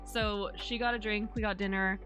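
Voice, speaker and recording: A woman's voice: medium pitch, steady tone, moderate pace, fairly bright tone, soft background music. Rambling young woman streamer. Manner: rambling, many fillers and restarts, earnest. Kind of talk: casual chat while streaming.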